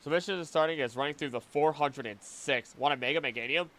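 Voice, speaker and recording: A man chatting casually on a live stream, animated and talking to himself and his pet. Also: fairly high pitch, quick pace. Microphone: desk microphone.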